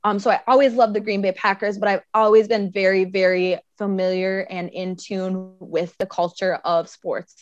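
A woman from Wisconsin, a guest telling lively, animated stories in casual chat. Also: mid-range voice, normal speed, hardly any pauses, no echo, lo-fi sound. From Wisconsin, near the Minnesota border.

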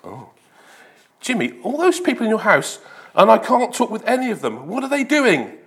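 A man's voice: high voice, huge pitch swings, moderate pace, gravelly, a bit bright, voice pushed up, heavily acted. A man voicing a salesman on the phone who keeps asking questions. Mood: questioning. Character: chatty adult male phone salesman.

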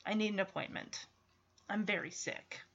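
A woman voicing a matter-of-fact young girl who fakes being sick, speaking low, quiet and deadpan. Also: normal speed, lo-fi sound.

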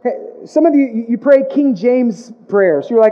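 A man's voice: very high voice, animated, moderate pace. A male pastor preaching a sermon, emphatic and repetitive, with playful asides. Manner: emphatic preaching with comic put-on voices, repeated phrases. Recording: dull lo-fi sound.

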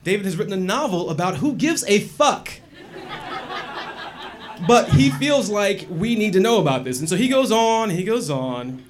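A man telling a personal story in a wry, animated and profane way. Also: high-pitched, normal speed, slight background noise. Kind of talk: personal story told to an audience.

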